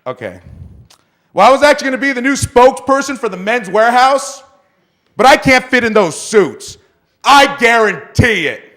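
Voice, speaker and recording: Male stand-up comic, high voice with lively swings, self-deprecating. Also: normal speed. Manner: self-mocking punchlines. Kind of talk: stand-up set. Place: small club stage with live audience.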